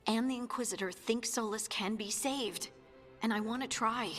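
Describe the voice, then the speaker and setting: An actress voicing a thoughtful young female scout in a video game, speaking quietly and reflectively over faint game music. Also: fairly high pitch, normal speed, close to an everyday voice. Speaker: game character.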